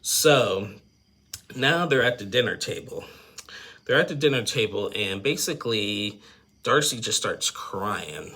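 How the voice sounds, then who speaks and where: A low-pitched man with a gravelly, husky edge talks through a reality show recap. He rambles and piles on fillers, tossing in blunt opinions and chuckles. His tone has a bright, sharp bite. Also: lively intonation, unhurried. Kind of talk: casual episode recap commentary.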